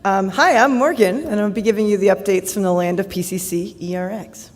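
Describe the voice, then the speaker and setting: Chatty woman presenting in a big hall. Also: mid-range voice. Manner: fast, chatty and upbeat. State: voice going hoarse. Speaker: conference presenter. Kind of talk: product update presentation. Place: large conference hall. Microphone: handheld or podium mic. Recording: reverberant conference hall.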